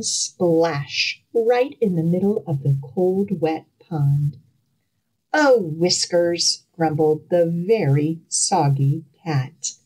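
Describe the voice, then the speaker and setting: A woman librarian reading a fairy tale aloud and leading children's storytime outdoors, slow and expressive. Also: fairly low pitch, breathy edge, low-quality recording.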